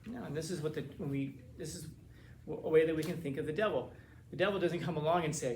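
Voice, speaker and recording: A man's voice: on the high side, quick pace, a little mellow, reverberant, slight background noise. A man teaching a classroom lecture in a casual, conversational way, often repeating words as he searches for phrasing.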